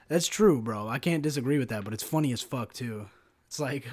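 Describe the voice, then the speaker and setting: A man's voice: medium pitch, quick pace. A young man hosting a solo podcast rant, profane and sarcastic, constantly saying "bro" and "like". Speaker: podcast host.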